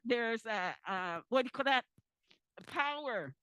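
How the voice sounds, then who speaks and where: Her voice fairly high and bright, a woman in her fifties speaks at a measured pace but very animatedly, giving tearful public comment at a community forum. Holding a handheld mic, she pleads passionately and repeats herself, and the rough recording has no room sound.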